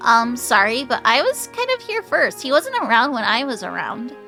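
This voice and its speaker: Snippy rich-girl mage, as a woman puts her on, valley drawl, bright, tossing lines off. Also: fairly high pitch, big pitch swings, normal speed, faint music behind, heavily acted. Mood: dismissive.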